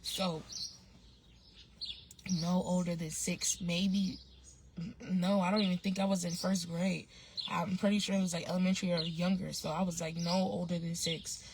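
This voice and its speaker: A woman's voice: on the low side, little pitch movement, normal speed, long pauses, background noise. A woman vlogger telling a story in a casual, slangy way, rambling with restarts and fillers.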